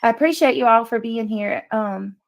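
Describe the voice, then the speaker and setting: A woman's voice: on the high side, moderate pace, creaky, dry recording. A woman hosting a casual livestream, talking earnestly to her chat and repeating her points for emphasis. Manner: talks to chat while reading comments. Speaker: livestream host. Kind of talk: casual live commentary.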